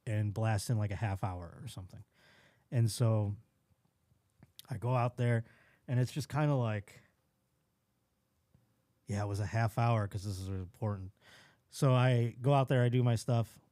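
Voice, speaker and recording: A man's voice: lowish voice, unhurried, pauses often, dark tone, no room sound. A comedian from Buffalo, New York, telling a story as a podcast guest, acting out scenes in quoted voices and laughing as he goes.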